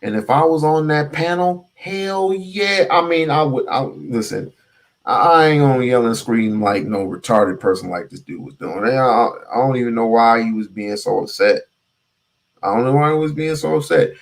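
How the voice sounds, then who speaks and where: A man hosting a casual commentary stream, talking emphatically with big swings in pitch and loudness and asking the audience rhetorical questions. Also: moderate pace, vocal fry. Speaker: host reacting to a clip.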